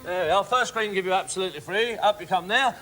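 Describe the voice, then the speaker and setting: A high-pitched, fast-talking man hosts a family game show before a live audience, chatty, teasing and upbeat with the young contestants. The recording comes from a 1980s TV studio thick with loud audience noise.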